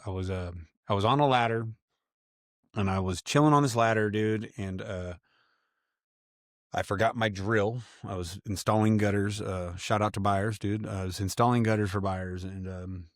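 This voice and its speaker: A man's voice: on the low side, no room sound, clean studio sound. Slangy profane man telling stories. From Grass Valley, California. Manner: profane, slangy storytelling full of dude and bro. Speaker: podcast guest. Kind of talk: casual podcast chat.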